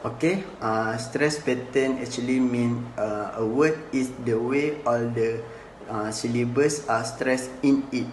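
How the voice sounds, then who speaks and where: A man giving a class presentation, hesitant and halting, with non-native phrasing and many fillers. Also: mid-range voice. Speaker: student presenter. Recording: echoey room, faint noise.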